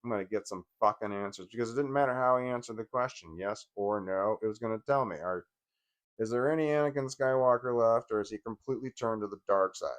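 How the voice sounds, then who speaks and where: A fast-talking vlogger with a lowish voice vents through a casual personal monologue. It's agitated and rambling, full of swearing, repeated restarts, and sudden laughs.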